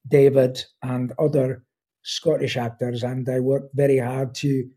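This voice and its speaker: Husky, warm-toned man in his sixties. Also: mid-range voice, flat delivery, unhurried. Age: 60s. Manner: enthusiastic, rambling with fillers. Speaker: guest voice actor. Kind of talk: casual interview talk.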